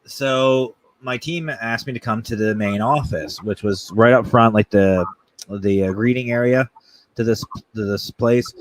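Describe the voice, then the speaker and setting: A man hosting a casual talk show, telling a funny story in an animated, jokey way and acting out voices. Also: medium pitch, measured pace. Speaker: podcast host.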